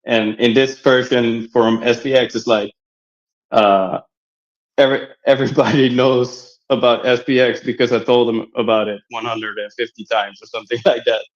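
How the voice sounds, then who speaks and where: A man in casual chat on a live audio space, earnest and reassuring, halting with many fillers. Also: mid-range voice, flat delivery. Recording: slightly dull lo-fi audio.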